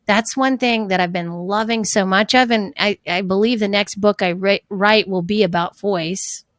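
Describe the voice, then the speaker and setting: A woman's voice: medium pitch, fairly even intonation, normal speed, no room sound. A middle-aged woman, a fitness trainer and coach, chatting earnestly and reflectively as an interview guest. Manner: earnest, reflective, with frequent restarts. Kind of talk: casual interview conversation.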